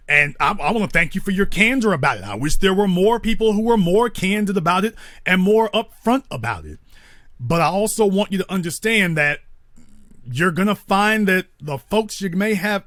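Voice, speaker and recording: A man's voice: high-pitched, a bit bright, no echo, studio quality. A man hosting a call-in talk show, lecturing a caller in an emphatic, pointed way. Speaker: host.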